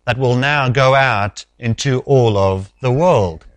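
A man preaching an expository sermon, measured and emphatic, often dropping low at the ends of phrases. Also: dry recording.

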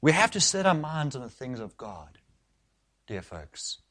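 A man preaching an expository sermon, switching into acted speech with sudden loud bursts. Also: mid-range voice, sing-song, unhurried.

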